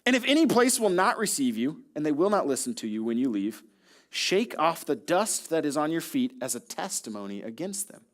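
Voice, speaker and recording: A young man with a high voice preaches a sermon, acting out lines for Jesus and the crowd. He jumps between voices and tells stories with lively energy. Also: a little fast. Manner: animated storytelling, acting out voices of Jesus and listeners. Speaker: pastor.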